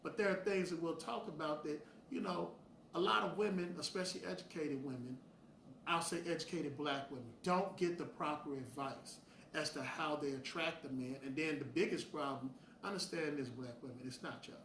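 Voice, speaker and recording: A man's voice: fairly high pitch, moderate pace, fairly bright tone, recorded from a distance. A blunt, preachy middle-aged man holds forth in a slightly raised voice. He sounds set back from the mic in a roomy, echoing space with faint ambient noise. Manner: blunt, preachy, heated bursts. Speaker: host. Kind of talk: opinionated direct-to-camera talk.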